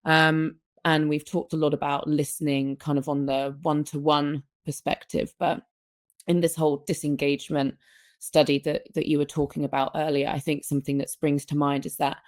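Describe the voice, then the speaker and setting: A woman's voice: sits low, level tone, moderate pace. A young woman hosting a podcast interview, attentive and affirming, speaking casually with light laughter. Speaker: podcast host. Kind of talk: interview conversation.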